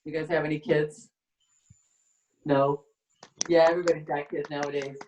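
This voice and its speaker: Deadpan woman comic in an echoey room. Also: deep voice, highs cut off. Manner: rambling, halting deadpan delivery. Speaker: stand-up comedian. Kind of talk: stand-up comedy set. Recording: echoey room, far from the mic.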